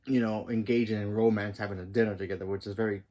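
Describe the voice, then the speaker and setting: A man hosting his own channel and giving a casual, rambling review of a TV episode. He fills his talk with "you know" and restarts, and his voice jumps up in pitch and volume when he stresses a point. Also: steady tone, fast, dark tone. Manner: rambling, many fillers and restarts.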